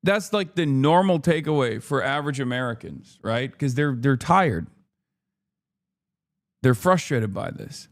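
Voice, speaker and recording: A man in the middle of a heated political rant on a live stream, his voice pitched right in the normal range. He swears often and sounds openly exasperated, and he races through news text when he reads it aloud. The sound is dry and close, with hardly any room around it. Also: animated, a little slow, dry recording. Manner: profane, exasperated ranting.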